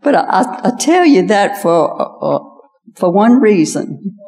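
A woman's voice: medium pitch, big pitch swings, unhurried, mellow, long reverb tail. An older woman giving a folksy personal testimony as a guest speaker at an evening women's gathering. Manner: folksy storytelling, repeats "I said". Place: large hall at an evening event.

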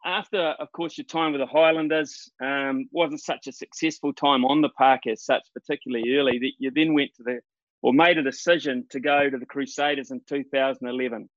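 A male podcast host asking an interview guest questions in a measured, appreciative way. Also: medium pitch, fairly even intonation, no echo. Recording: dull, dry sound.

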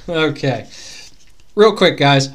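A man co-hosting a podcast solo, chatting casually and rambling with excitable, pleading outbursts. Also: a little high. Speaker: podcast co-host. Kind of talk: casual solo sports chat.

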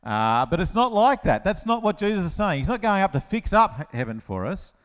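A man preaching a lively children's-talk sermon, telling the story with playful asides and acted-out voices. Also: high voice, brisk. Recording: long hall reverb.

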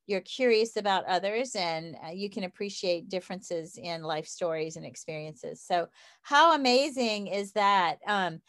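A woman's voice: medium pitch, expressive, a little slow, a bit bright, dry recording. A woman in her fifties with a Southern US accent, hosting an interview in an enthusiastic, chatty way. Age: 50s. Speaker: interview host. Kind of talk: interview conversation.

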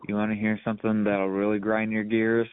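A man's voice: on the low side, monotone, a little fast, clean tone. A man co-hosting a sports podcast in casual chat, blunt and hyped, swearing often. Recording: tinny phone-like line with hiss.

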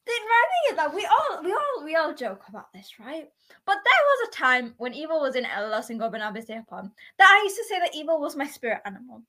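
A woman co-hosting a casual wrestling podcast, chatty and quick to laugh. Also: high voice. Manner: lively, laughs often, chatty. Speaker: podcast co-host.

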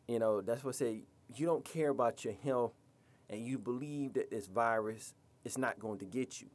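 A man's voice: mid-range voice, moderate pace. A man hosting a podcast, ranting in a blunt, profane, scolding way. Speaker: podcast host. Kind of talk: podcast rant.

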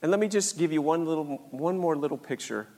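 An older man with a fairly high voice tells a personal story earnestly. His words ring with a long hall reverb. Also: fast talker, a little mellow. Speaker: speaker sharing a faith story.

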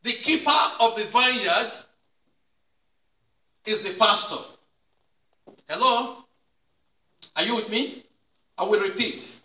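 A male pastor preaching a sermon with repeated call-and-response questions, sometimes rising to a shout. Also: high voice, slow, pauses often. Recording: echoey room, mic at a distance.

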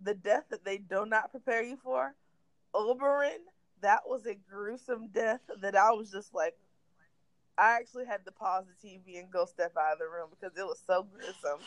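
A young woman co-hosting a casual podcast, candid and animated as she retells scenes and acts out what people said. Her voice sits mid-range, recorded close and dry with no room sound. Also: medium pitch, moderate pace, no echo, low-quality recording. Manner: candid, animated storytelling with acted-out quotes. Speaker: podcast co-host. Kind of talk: casual chat.

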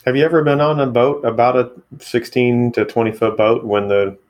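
A man's voice: medium pitch, brisk, a little mellow. A man co-hosting a casual talk, tentative and wondering aloud as he asks questions. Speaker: podcast co-host. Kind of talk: casual conversation.

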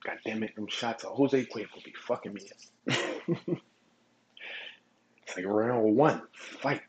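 A man hosting his own podcast, telling stories in a relaxed, profane way and chuckling often. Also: fairly low pitch, unhurried, a little hiss or hum, low-quality recording. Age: adult. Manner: laid-back, profane storytelling with chuckles. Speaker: podcast host. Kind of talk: casual solo podcast monologue.

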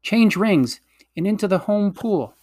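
Man doing a sharp-tongued bossy girl. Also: high voice, lively intonation, measured pace, voice pushed up. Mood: impatient. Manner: spiteful, impatient.

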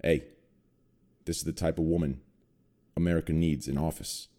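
A young man hosting a group podcast, joking crudely and dropping to a quiet murmur when he introduces guests. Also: rumbling low, fairly even intonation, normal speed. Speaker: podcast host. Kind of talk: casual group podcast chat.

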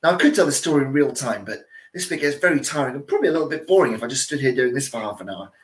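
A man's voice: medium pitch, animated, very fast, poor audio. A man telling a story in character as a costumed storyteller, with a theatrical delivery and playful asides to his listeners. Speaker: costumed storyteller at a visitor attraction. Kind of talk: theatrical first-person storytelling.

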